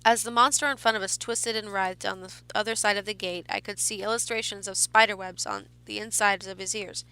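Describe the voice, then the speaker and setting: A woman narrating a horror story in a measured reading with small restarts. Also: medium pitch, steady tone, pushed and bright, clear, resonant tone.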